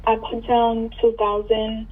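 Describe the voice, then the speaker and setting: A woman's voice: a little high, completely flat delivery, takes it slowly, a crowd in the background. A woman calling in for advice, telling her story casually with fillers and restarts. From New York. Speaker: caller seeking advice. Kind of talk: casual phone conversation. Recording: tinny phone line, distant.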